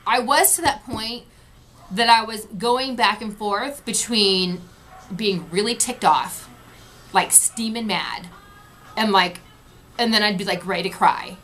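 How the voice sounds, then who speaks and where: A woman's voice: medium pitch, unhurried, fairly bright tone, soft background music. A woman vlogger recapping an event in casual talk, frustrated and retelling what people said. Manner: frustrated, retelling with quoted voices.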